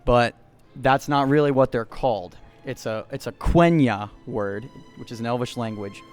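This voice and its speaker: Smooth-voiced young man quizzing fans. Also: mid-range voice, moderate pace, faint music behind. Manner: nerdy, playful quizzing. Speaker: co-host running trivia. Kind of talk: casual chat, quizzing.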